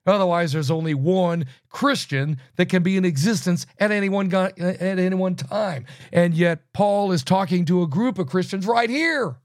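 A man teaching through a Bible book verse by verse, emphatic, with loud bursts and low asides. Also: normal speed, hardly any pauses, no echo, clean studio sound.

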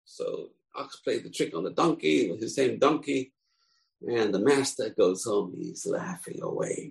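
Gravelly male teacher, animated storyteller, voices each character. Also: on the low side, measured pace, poor audio. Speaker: Torah teacher. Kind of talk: storytelling lesson.

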